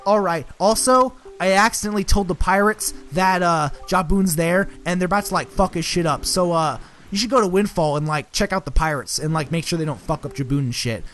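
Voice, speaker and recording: A man's voice: high voice, brisk, a bit bright, faint music behind. A man voicing a flustered male bird-man mail carrier in a video game, rambling offhandedly in crude slang.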